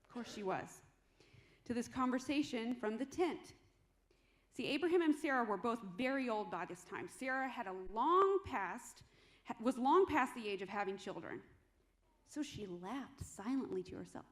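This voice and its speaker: A woman's voice: on the high side, animated, moderate pace. A woman preaching a sermon in a conversational, humorous storytelling way.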